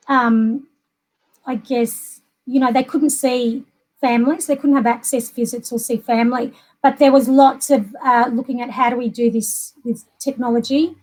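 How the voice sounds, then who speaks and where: High-pitched aussie woman, middle-aged, chatty and rambly, lots of ums. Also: a little mellow. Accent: Australian. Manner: chatty, rambling with many fillers. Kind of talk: casual chat.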